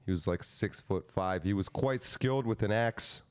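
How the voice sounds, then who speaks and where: Man, lowish voice, sarcastic podcast host, casual banter. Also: normal speed, slight background noise. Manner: mocking, sarcastic asides. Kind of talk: casual chat, reading a proclamation aloud.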